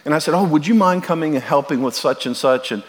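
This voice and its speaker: A man's voice: fairly high pitch, fast. A middle-aged man preaching a sermon as pastor, earnest and direct, often repeating and restarting his words as he speaks to the congregation. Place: church sanctuary. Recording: long hall reverb.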